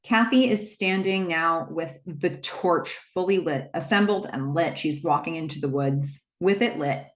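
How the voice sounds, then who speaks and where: Picture a woman with a notably low voice, talking through a movie plot step by step in a relaxed, unscripted way. She strings scenes together with "and then", and now and then drops in an "um" as she goes. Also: unhurried, hardly any pauses. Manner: retells scenes step by step with fillers. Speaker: movie recap host. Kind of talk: casual plot recap.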